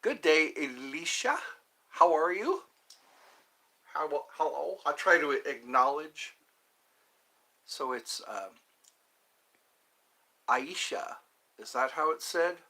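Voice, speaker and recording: A man hosting a relaxed livestream, reading out and answering viewer comments one by one. His voice sits a bit high and sounds very bright. He takes his time between phrases. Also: poor audio. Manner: unhurried, friendly, reads out and answers viewer comments. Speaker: livestream host. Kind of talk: casual livestream chat, greeting viewers between flute playing.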